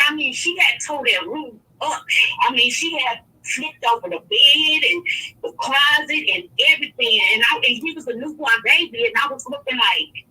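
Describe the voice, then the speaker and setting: A woman caller telling a personal story in a rambling, animated way, full of restarts. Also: high-pitched, moderate pace, husky, low-quality recording. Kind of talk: casual phone-in storytelling.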